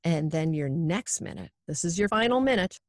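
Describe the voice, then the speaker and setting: A woman's voice: fairly low pitch, lively intonation, moderate pace, no echo, studio quality. A woman yoga teacher giving a chatty, encouraging wellness lesson straight to the listener. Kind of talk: instructional wellness talk.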